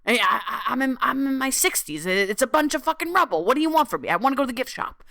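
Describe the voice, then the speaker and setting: A woman's voice: sits high, lively intonation, fast talker, gravelly, sharp tone, dry recording, pitched above the performer's own voice, exaggerated voice. A woman doing her jaded mother in her sixties. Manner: blunt, dismissive, stammering.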